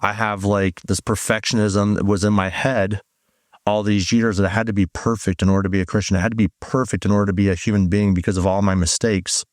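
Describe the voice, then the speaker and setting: Man, low voice, guest giving a rambling personal testimony, dry close sound. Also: fast, dry recording. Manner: rambling, animated storytelling with many fillers. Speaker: guest sharing his testimony. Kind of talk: conversational testimony.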